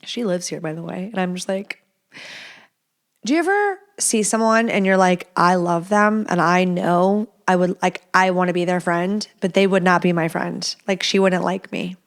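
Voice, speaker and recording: A woman's voice: lowish voice, normal speed. A woman in her thirties hosting a podcast, chatting casually and bluntly with plenty of swearing, talking straight to her listeners. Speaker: podcast host. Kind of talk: casual solo podcast chat.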